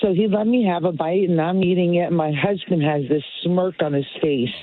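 A woman's voice: on the low side, fairly quick. A woman co-host rambling through a funny story on a morning radio show, with lots of "I'm like.". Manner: chatty, rambling, many "I'm like"s. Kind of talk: casual storytelling on air. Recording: tinny phone-like line.

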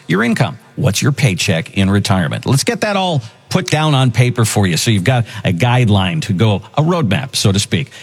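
A husky male host with a very lively, swooping pitch runs a financial radio show in an upbeat way. He steers the talk between retirement topics and drops in plugs for the team. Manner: upbeat, pitchy delivery, repeats the website slowly.

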